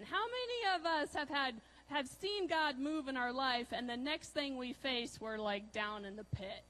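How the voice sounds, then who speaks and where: A woman preaching a conversational sermon, asking her listeners questions and using many fillers. She swings between loud emphasis and soft, hushed lines. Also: high-pitched, lively intonation, measured pace, hardly any pauses, low-quality recording. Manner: chatty, asks the audience questions, many fillers.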